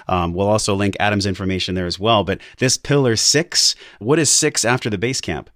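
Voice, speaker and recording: A male podcast host with a fairly low voice. He speaks in an easygoing, affirming way. The recording is dry and close. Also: fairly quick, a bit bright, no echo. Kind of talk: casual conversational interview.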